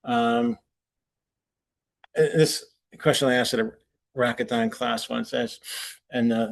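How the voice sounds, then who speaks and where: A man presenting at a forum, telling anecdotes in a loose conversational way, chuckling at his own punchlines. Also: mid-range voice. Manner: conversational with restarts. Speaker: conference presenter. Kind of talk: anecdotal lecture.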